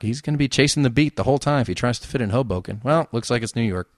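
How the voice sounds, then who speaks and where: A man's voice: mid-range voice, racing, few pauses, no room sound, studio quality. Wry, sarcastic man hosting a solo show. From New Jersey. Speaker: podcast host. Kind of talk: casual solo commentary.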